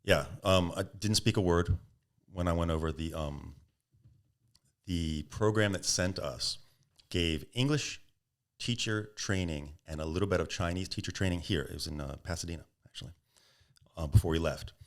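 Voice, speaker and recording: A man's voice: low voice, normal speed. A middle-aged man, a podcast guest, telling long stories in an interview and acting out the people in them. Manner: animated anecdotes, acts out quoted voices, laughs. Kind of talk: storytelling interview answers.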